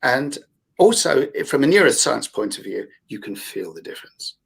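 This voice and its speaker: A man's voice: medium pitch, very animated, normal speed, gravelly, fairly bright tone, slightly rough. A man with a London accent, a therapist talking through ideas in a casual group discussion, rambling and emphatic. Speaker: guest therapist.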